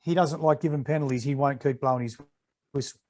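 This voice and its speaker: An Australian man in his sixties, a retired rugby league referee, speaks fast at a medium pitch. As a podcast guest in a casual interview, he tells animated stories and acts out the exchanges he remembers.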